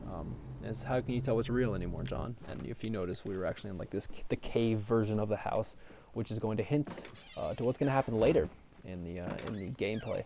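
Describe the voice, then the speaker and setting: Fast-talking gravelly man guiding gameplay. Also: lowish voice, noisy background. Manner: rambling, filler-heavy explanation with frequent ums; raises his voice to talk over in-game music. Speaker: game walkthrough guide. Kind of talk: casual gameplay tutorial commentary.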